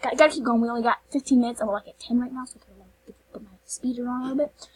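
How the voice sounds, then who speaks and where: A woman hosting a casual game vlog, talking over her screen, gushing and excitable, saying "like" and "literally" a lot, with sudden whispered asides. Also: fairly high pitch, very fast, breathy edge, poor audio. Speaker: channel host.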